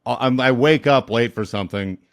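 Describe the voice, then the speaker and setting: A man in his thirties, a comedian, chatting casually with a wry, deadpan joking manner. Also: mid-range voice, normal speed, no echo, clean studio sound. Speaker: comedian guest in couples therapy talk. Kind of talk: casual chat.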